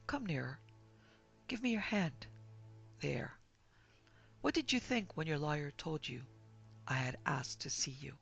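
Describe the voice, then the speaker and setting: Woman doing a disfigured blind guy, quiet and creepy, gravelly low voice, horror story reading. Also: expressive, measured pace, pauses often, faint music behind, heavily acted. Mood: pleading. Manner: quiet, menacing, coaxing. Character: bitter disfigured blind man taking revenge.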